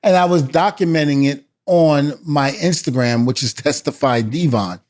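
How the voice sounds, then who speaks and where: A man's voice: fairly high pitch, moderate pace, darkish tone. A middle-aged man, a former wrestler, telling a story as a guest and acting out what each person said, with laughs in between. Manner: acts out quotes with shifting voices and laughs. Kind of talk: animated storytelling.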